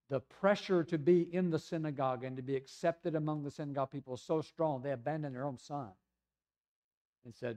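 A man from the United States preaching a sermon in a conversational storytelling way, sometimes dropping to a soft, hushed voice. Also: medium pitch, a little fast. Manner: conversational storytelling, acting out voices of people in the scripture passage; drops to a soft, hushed voice in tender passages. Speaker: pastor.

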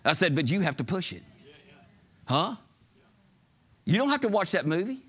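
A middle-aged man preaching a sermon in church, telling folksy stories and building to shouted exhortations. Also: sits high, sing-song, normal speed, breathy edge. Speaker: pastor. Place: church sanctuary.

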